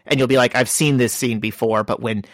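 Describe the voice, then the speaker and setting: Man, podcast co-host, casual storyteller, mid pitch, dry close sound. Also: fairly even intonation, a little fast, dry recording. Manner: chatty storyteller, acts out quotes. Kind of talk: casual chat.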